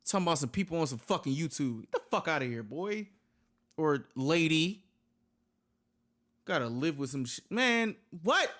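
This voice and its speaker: A man's voice: on the high side, big pitch swings, normal speed, pauses often, a bit bright. A man hosting a reaction video, reacting in casual, profane, exasperated outbursts.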